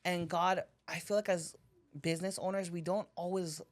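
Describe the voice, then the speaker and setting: A young woman with a Hawaiian accent and a low-pitched voice, speaking as a podcast guest. She talks earnestly and openly, laughing often and getting emotional. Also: steady tone, normal speed. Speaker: podcast guest, seafood boil business owner. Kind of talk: casual faith-based chat.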